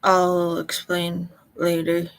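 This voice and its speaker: A woman from Colorado, telling a personal story in a halting way, close to tears. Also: fairly low pitch, completely flat delivery, gravelly. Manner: slow, halting, emotional recollection.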